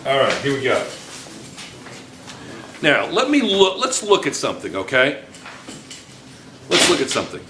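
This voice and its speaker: Recorded from a distance by a room camera, a man lectures on chemistry at a whiteboard, checking in often with students and repeating things. His medium voice swoops wildly in pitch, and he speaks at a measured pace with long pauses. The classroom echoes, with faint room noise.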